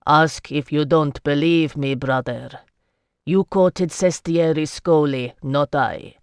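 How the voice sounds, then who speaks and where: A tired merchant nobleman speaks slowly and evenly, keeping his patience in a tense family dispute, as the narrator reads him. The voice sits at a middling pitch in a dry, close recording. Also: smooth, no echo. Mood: weary. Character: weary male merchant noble, reasonable.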